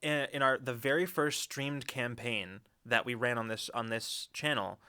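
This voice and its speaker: Bright-voiced man telling stories. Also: medium pitch, moderate pace, smooth. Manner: animated storyteller, laughs often. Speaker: podcast co-host. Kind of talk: casual chat.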